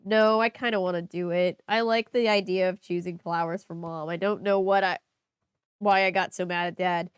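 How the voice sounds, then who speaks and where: A woman's voice: lowish voice, fairly even intonation, normal speed, clear, resonant tone, no room sound, clean studio sound, pitched below the performer's own voice, lightly acted. A woman reading aloud, voicing a grieving, hot-tempered teenage girl from a diary novel. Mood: remorseful.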